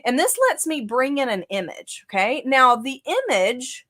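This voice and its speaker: A woman with a Southern US accent hosts a live software lesson. She talks in a casual, conversational way, thinking aloud and dropping in "um"s and "okay"s as she clicks through each step. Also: sits high, animated, normal speed. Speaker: software instructor.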